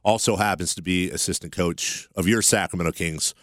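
A man's voice: low-pitched, fairly quick, dry recording, clean studio sound. A man hosting a morning radio show, introducing and questioning a guest in a friendly, rambling way. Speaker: radio host.

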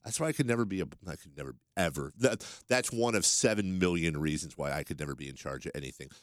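A man's voice: low voice, fast talker, no room sound, clean studio sound. A man hosting a sports radio show, telling stories and joking with his co-hosts. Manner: jokey, animated storyteller. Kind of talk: casual sports radio banter.

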